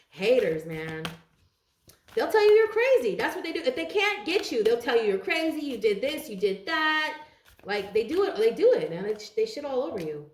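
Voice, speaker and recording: A woman's voice: on the high side, sing-song, moderate pace, slight background noise. A woman giving a casual tarot reading to her viewers, blunt and profane, rambling with lots of fillers. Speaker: tarot reader. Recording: roomy echo.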